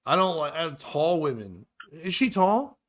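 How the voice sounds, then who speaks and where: A man's voice: a little high, sing-song, measured pace, fairly bright tone. A man hosting a casual comedy talk show, joking crudely and laughing often. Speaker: host. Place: live-streamed show.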